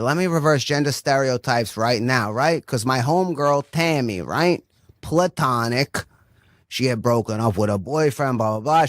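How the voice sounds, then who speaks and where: A man's voice: medium pitch, no room sound, studio quality. A man telling a long, crude comic story, rambling and profane, checking in with "right?" again and again.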